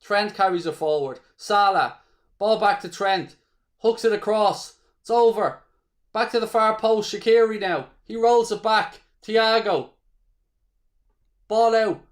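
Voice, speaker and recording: A man's voice: high voice, measured pace. A man with an Irish accent hosting a live football watchalong, calling the play as a fan, swearing freely and chatting with viewers. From Ireland. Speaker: watchalong host.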